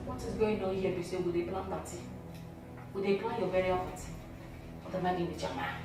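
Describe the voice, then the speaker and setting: An actress playing a cheeky, sharp-tongued young village woman who teases loudly and speaks with a Nigerian Pidgin accent. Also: fairly low pitch, steady tone, brisk, natural voice. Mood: scolding. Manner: mocking, loud, laughs through lines. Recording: echoey room, mic far off, soft music.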